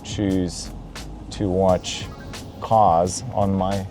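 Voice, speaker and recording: A man's voice: deep voice, level tone, extremely slow, over music. A young man hosting a comedic car review from a car's back seat, in a playful, mock-pampered way. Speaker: host reviewing a luxury car.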